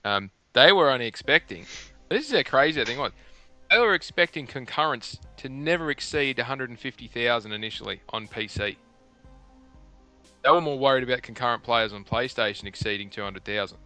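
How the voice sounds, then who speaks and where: A middle-aged man, hosting a casual gaming podcast and rambling through animated stories. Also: mid-range voice, fairly quick, soft background music. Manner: rambling, animated storytelling with restarts. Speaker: podcast host. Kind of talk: casual chat. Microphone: headset.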